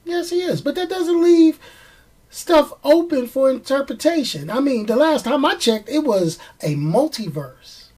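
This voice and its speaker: A man's voice: extremely high pitch, lively intonation, a little slow, a little mellow. Chatty man with a New York accent. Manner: chatty, emphatic, repeats phrases for effect. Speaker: vlogger commenting on movies. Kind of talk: casual chat to camera.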